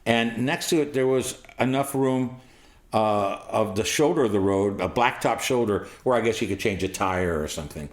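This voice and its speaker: In a reverberant recording, a sixty-something man speaks at a normal speed in a voice on the low side. He rambles through a vivid, foul-mouthed first-person account of something he lived through.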